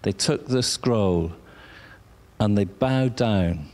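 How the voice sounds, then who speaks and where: Guy preaching real slow, stretches words out, sometimes goes quiet almost whispering. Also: fairly low pitch. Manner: slow, drawn-out emphasis, dropping to a whisper at times. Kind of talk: sermon.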